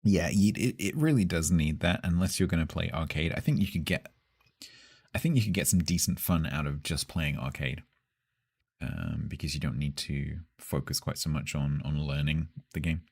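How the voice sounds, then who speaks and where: A man's voice: rumbling low, moderate pace, darkish tone, breathy edge. A man, chatting casually on a live stream, answering chat and chuckling often.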